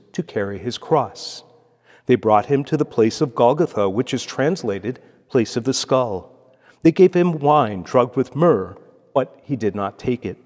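A solemn priest with a medium-pitched, slightly mellow male voice reads scripture aloud and preaches in a measured, liturgical manner. The church around him gives the recording a long, echoey reverb.

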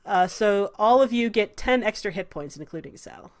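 A woman running a tabletop game as game master, rambling and laughing between halting explanations. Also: medium pitch, animated. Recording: live studio audience.

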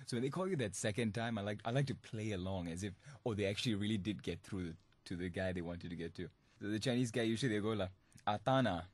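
A man's voice: fairly low pitch, quick pace, no room sound. Playful young man hosting a podcast. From Singapore. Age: young adult. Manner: laughing often, playful and mischievous. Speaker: student radio podcast host. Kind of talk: comic monologue podcast.

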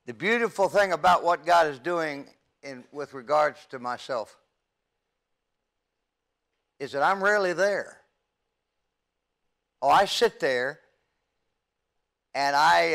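An older man and youth evangelist giving an earnest, halting testimony from the pulpit, with frequent stammers and restarts. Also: fairly high pitch, vocal fry, fairly bright tone. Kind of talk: testimony sermon.

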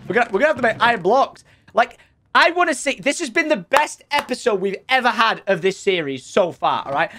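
A young gaming channel host narrates his gameplay Let's Play style, chatty and excitable, talking straight to viewers as his pitch leaps around while he thinks aloud. He speaks fairly quickly, with a little hiss or hum in the audio.

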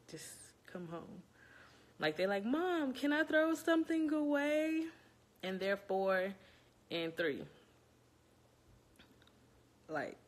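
Brief: young woman, chatty and jittery, bright voice, slow delivery. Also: lowish voice. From Louisiana. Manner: nervous, chatty, talks straight to viewers. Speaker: interviewer. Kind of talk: casual chat. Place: home, indoors.

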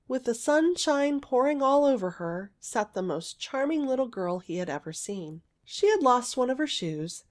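A woman narrating a fairy story aloud in an expressive, gentle storytelling manner. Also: sits high, moderate pace, hardly any pauses.

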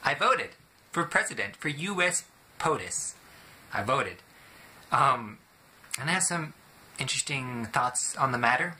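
A man's voice: mid-range voice, a little slow, long pauses. A young American man talking straight to camera in a casual, joking vlog. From United States. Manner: playful, joking, animated. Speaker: vlogger.

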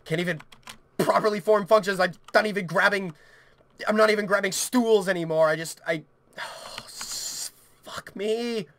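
High-voiced young guy panicking through a horror game, swears a lot, yells then goes quiet. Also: fairly even intonation, normal speed. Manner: panicky, swearing, swings from shouting to hushed muttering. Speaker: gaming YouTuber. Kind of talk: horror game let's play commentary.

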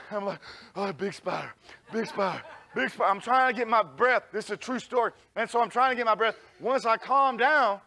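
Man, high-pitched voice, animated preacher, comic storytelling sermon. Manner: animated, folksy storyteller addressing the congregation. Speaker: pastor. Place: church sanctuary.

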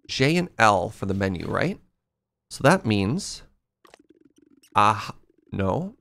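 A man streaming a video game live, with playful, excitable commentary. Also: on the low side, slow, creaky, long pauses.

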